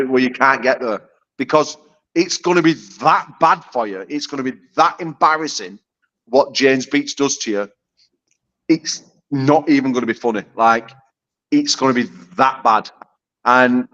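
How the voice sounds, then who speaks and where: A man's voice: mid-range voice, a bit bright, lo-fi sound. Brash, profane British man. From United Kingdom. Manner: brash, profane trash talk. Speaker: arm wrestler guest. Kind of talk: casual chat.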